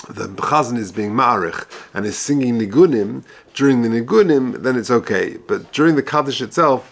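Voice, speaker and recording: A rabbi giving a text study lesson, reading passages aloud and then explaining them in English in a measured, halting way. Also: male voice, medium pitch. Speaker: rabbi teaching halacha.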